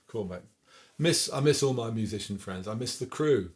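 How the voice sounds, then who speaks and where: During lockdown, a West Country-accented singer-songwriter hosts a request show from his home, chatting casually between songs and reading out dedications. His voice is lowish and darkish, and he keeps a moderate pace, with faint guitar in the background.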